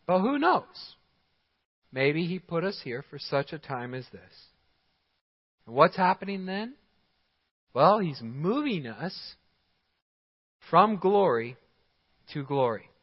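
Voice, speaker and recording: A man's voice: fairly high pitch, very animated, takes it slowly, pauses often, slightly rough. A man preaching a sermon as pastor, emphatic, giving short commands and chuckling at his own points. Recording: dull sound in a large hall with long reverb.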